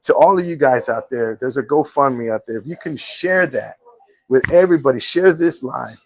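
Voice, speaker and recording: A man's voice: medium pitch, normal speed, slight background noise, rough recording. A male live-show host telling a personal story in casual chat, earnest and full of restarts.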